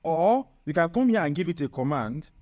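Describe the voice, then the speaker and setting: A man presenting a screen-recorded software tutorial, upbeat and chatty, often checking in with the viewer. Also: fairly high pitch, very animated, brisk. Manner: upbeat, chatty, keeps asking "right?". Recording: muffled lo-fi sound.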